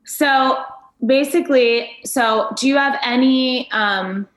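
A woman's voice: high voice, takes it slowly, fairly bright tone. Chatty woman guest in an echoey room. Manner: chatty, swears casually, storytelling. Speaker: songwriter and podcast guest. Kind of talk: casual chat.

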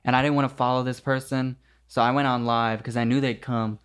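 A man's voice: mid-range voice, flat delivery, a little fast, a bit bright. A man co-hosting a podcast, telling a story in loose, filler-heavy casual chat. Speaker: podcast co-host.

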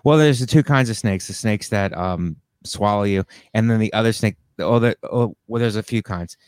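A man, a comedian guest on a podcast, telling rambling deadpan stories with fillers. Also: fairly low pitch, normal speed, smooth, no room sound, clean studio sound. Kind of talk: casual comedic podcast banter.

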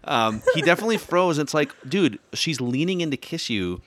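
A man chatting casually as a podcast guest, joking and telling animated stories. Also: fairly high pitch, fairly quick, dry recording. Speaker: podcast guest, sports media personality. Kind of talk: casual chat.

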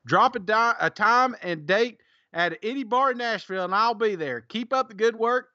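A man's voice: sits high, pushed and bright, no room sound, highs cut off. A man co-hosting a casual podcast, joking, laughing often and reading listener reviews aloud. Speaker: podcast co-host.

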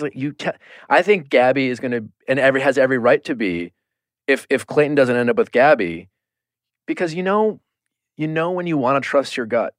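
Animated man on a dry close mic. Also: mid-range voice, no room sound. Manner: animated, swears, acts out quotes. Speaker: podcast host. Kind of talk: casual chat.

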